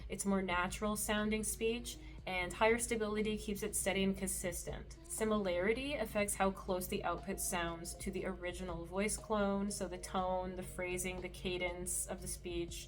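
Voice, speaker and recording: Woman walking through a software tutorial. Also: medium pitch, normal speed, hardly any pauses. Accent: Canadian. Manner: relaxed, explanatory, occasional soft laughs. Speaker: meditation creator and tutorial host. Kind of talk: screen tutorial.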